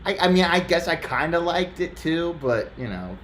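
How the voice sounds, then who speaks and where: A man's voice: fairly high pitch, moderate pace, fairly bright tone, roomy sound, slight background noise. A man hosting a sports talk show in casual chat, joking and laughing easily, often trailing off mid-sentence. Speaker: podcast host.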